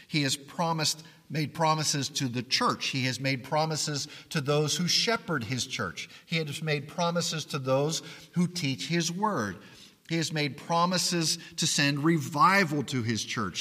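A man preaching a sermon as pastor, earnest and pleading, often dropping to quiet emphasis. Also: a little high, long reverb tail.

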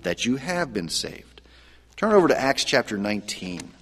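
A man's voice: mid-range voice, big pitch swings, moderate pace, a bit bright, husky. A male pastor preaching a sermon in an earnest, conversational way, often restarting his phrases. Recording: long hall reverb.

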